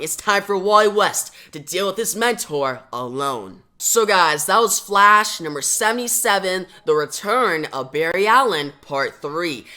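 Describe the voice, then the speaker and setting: A man's voice: high voice, bright, forceful tone. A man recapping a comic book issue in a casual, enthusiastic way, throwing in spoken sound effects.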